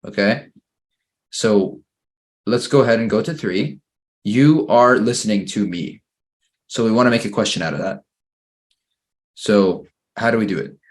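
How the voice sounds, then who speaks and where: Speaking into a computer microphone, a patient man teaches English grammar to children in a fairly low voice. As their English teacher, he reads every exercise slowly and encourages each answer.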